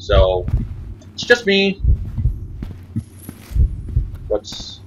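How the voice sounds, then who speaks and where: A man's voice: on the low side, huge pitch swings, drawn-out words, noisy background. A young man hosting his own gaming channel, giving jumpy, frightened commentary on a horror game and muttering to himself.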